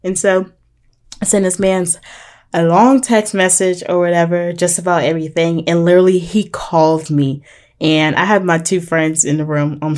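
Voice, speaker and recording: A young woman vlogger telling a dating story to her viewers in a chatty, animated way and calling them y'all. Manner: animated, chatty, addresses viewers as y'all, jumps up high when excited. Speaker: vlogger giving relationship advice.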